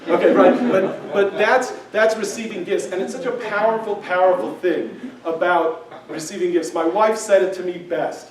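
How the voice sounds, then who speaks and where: A man's voice: high voice, fairly even intonation, moderate pace, hardly any pauses. A man giving a casual lecture to a class, talking in a conversational way and often checking in with his listeners. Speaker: class teacher. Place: synagogue hall. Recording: echoey room, mic far off.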